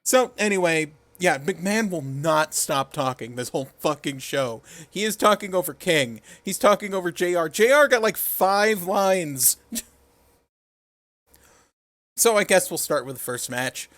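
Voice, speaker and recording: A man's voice: high voice, expressive, measured pace, fairly bright tone, dry recording. A man co-hosting a casual wrestling review podcast. He rambles and swears, laughs a lot, and fills his talk with "like.". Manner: rambling and profane, laughs often, heavy use of "like". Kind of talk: casual chat.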